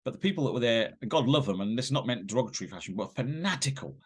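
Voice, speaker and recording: A man tells stories as a guest on an interview podcast. He talks quickly, rambling along with plenty of fillers and restarts. His delivery is animated, with sudden jumps in pitch when he acts out a scene. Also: breathy edge. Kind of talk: casual anecdote telling.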